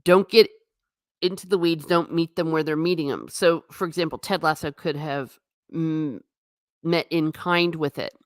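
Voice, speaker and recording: A woman with a low-pitched voice chats her way through a TV review on a live stream, slipping into the characters' lines as she retells scenes. The sound is dry and close, with no room echo. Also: moderate pace. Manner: animated, acts out quotes from scenes. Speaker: TV show reviewer.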